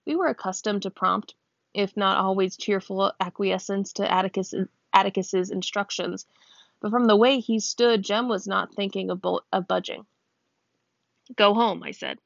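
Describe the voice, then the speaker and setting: Woman reading a novel aloud, gravelly. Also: fairly even intonation, normal speed, dry recording. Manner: voices characters with small pitch lifts; stops to check a word's pronunciation and laughs. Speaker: reader. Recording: dull, dry close recording.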